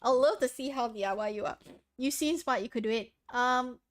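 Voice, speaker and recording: High-voiced giggly woman streamer. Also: brisk. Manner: giggly, rambling, self-deprecating. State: sniffly from sneezing. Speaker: livestream host. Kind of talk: casual chat with viewers. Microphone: desk microphone with noise suppression.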